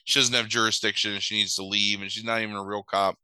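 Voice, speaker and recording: A man casually chatting as a podcast co-host, retelling a story and acting out characters in quick voices. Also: lowish voice, flat delivery, bright, forceful tone, clean tone, dry recording, rough recording. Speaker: podcast co-host recapping a movie. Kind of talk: casual chat.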